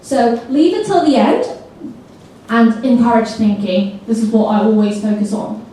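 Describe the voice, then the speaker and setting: A woman with a somewhat high-pitched voice runs a teacher training seminar, energetically coaxing the audience to say words back to her at a normal pace. Captured from afar in a highly reverberant hall, the audio carries a little hiss or hum.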